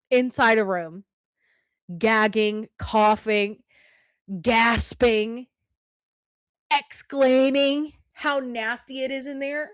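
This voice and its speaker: Young female podcast host with a fairly high voice, animated and profane, recorded dry and close. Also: slow pace, pauses often, no echo. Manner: animated, profane, rhetorical "okay?" asides. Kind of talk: casual storytelling.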